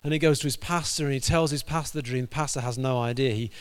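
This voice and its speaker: Animated male preacher telling a story. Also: mid-range voice, fast, smooth. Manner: animated, acts out the dialogue of the story. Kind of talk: sermon storytelling.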